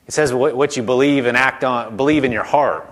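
Conversational preacher, drawn-out emphasis. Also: male voice, mid-range voice. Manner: conversational, mimics doubters in hushed mocking voices; stretches out key words slowly for emphasis. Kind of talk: sermon.

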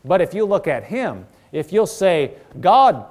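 A man's voice: high voice, big pitch swings, a little slow, hardly any pauses, darkish tone. A man preaching a sermon, earnest and exhorting, often repeating phrases and restarting his sentences.

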